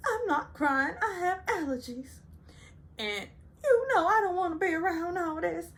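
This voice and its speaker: A woman mimicking an upset reality-show cast member, pushing her voice high and tearful. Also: moderate pace, a bit bright. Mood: tearful, shrill.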